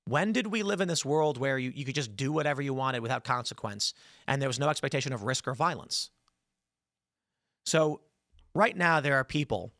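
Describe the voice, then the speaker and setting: A man's voice: medium pitch, fairly bright tone, no echo, clean studio sound. A man hosting a podcast, telling a story and giving heated commentary, angry and swearing as he talks. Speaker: podcast host.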